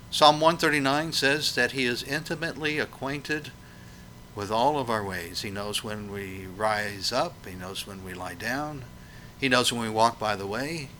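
A man's voice: mid-range voice, bright, forceful tone. A man preaching a sermon, emphatic and questioning, his voice swelling and dropping to press each point.

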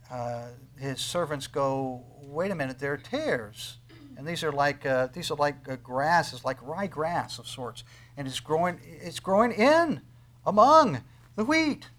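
A middle-aged pastor with a mid-range voice preaches a sermon. He builds to loud, soaring emphasis on the scripture readings, then falls back into a quiet, personal tone.

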